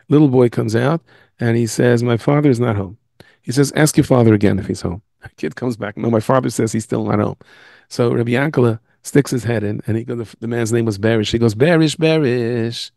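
Rabbi lecturing over a video call, gravelly voice, dry close sound, acts out each character in his stories. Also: medium pitch, no room sound. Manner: animated storyteller acting out dialogue. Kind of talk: storytelling lecture. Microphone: Zoom.

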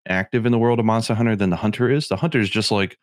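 A man's voice: fairly low pitch, racing, no echo, studio quality. A middle-aged man co-hosting a podcast, chatting casually and rambling with lots of filler words. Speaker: podcast co-host.

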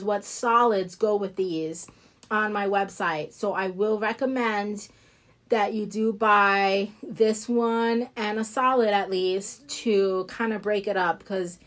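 With a medium pitch, fairly even intonation and a slow pace, a New Jersey woman who sells nail products independently chats with viewers. Her casual live showcase is full of rambling and easy laughter as she shows off the products.

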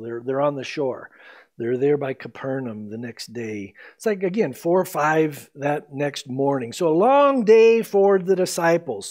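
A man with a high, light voice delivers an expository sermon from the pulpit. He walks the congregation through the passage in a lively storytelling way, acting out the voices of the people in the story. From United States. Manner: animated storytelling, acts out quoted lines. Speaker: pastor.

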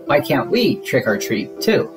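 A man's voice: medium pitch, big pitch swings, measured pace. A man voicing a complaining, theatrical cow, with guitar music behind. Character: grumbling female cow with pirate flair.

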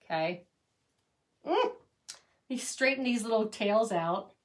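A woman's voice: medium pitch, animated, a little slow. A middle-aged woman hosting a casual craft tutorial, chatty and gushing over her handmade pieces. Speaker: craft channel host.

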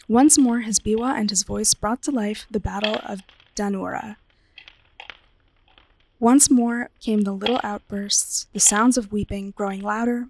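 A woman librarian reading a ghost story aloud in an expressive, dramatic storytelling manner. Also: medium pitch, slight background noise, poor audio.

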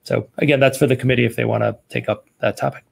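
A man's voice: mid-range voice, steady tone, quick pace, vocal fry, breathy edge. A man speaking at a committee meeting over a video call, loose and rambling in a conversational way. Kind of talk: casual meeting remarks.

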